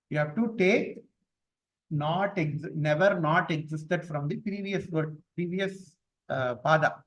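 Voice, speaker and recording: A man teaching a class on scripture verses. He explains each point patiently with repetition and chants the verses slowly. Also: sits high, bright, forceful tone, poor audio.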